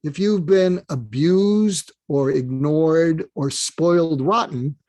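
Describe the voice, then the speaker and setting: A man with a fairly high voice gives earnest advice as a podcast guest. He speaks right to the listeners, and the recording sounds dry and close. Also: slow pace, a little mellow, no room sound. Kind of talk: giving advice in an interview.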